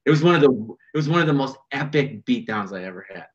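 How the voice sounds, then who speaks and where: Lively storytelling man, lo-fi sound. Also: medium pitch. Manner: animated, fast storytelling with fillers. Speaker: podcast guest, bass angler. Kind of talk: casual storytelling chat. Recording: dull lo-fi sound.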